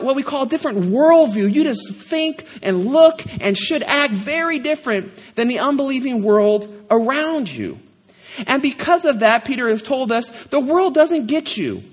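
High-voiced preacher in a reverberant hall. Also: male voice. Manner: conversational, animated, frequent rhetorical "right?". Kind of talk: sermon.

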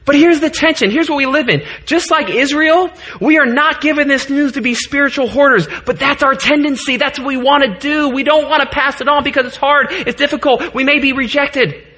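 A man's voice: extremely high pitch, brisk, pushed and bright. A man in his thirties preaching a sermon to his congregation in a church, earnest, joking at times and getting choked up. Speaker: pastor.

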